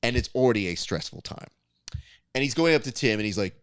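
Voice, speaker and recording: A man's voice: medium pitch, fast talker, clean tone, no echo, studio quality. A man co-hosting a podcast, telling a story in casual chat and acting out the people he quotes. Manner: animated storytelling, acts out quotes. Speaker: podcast co-host.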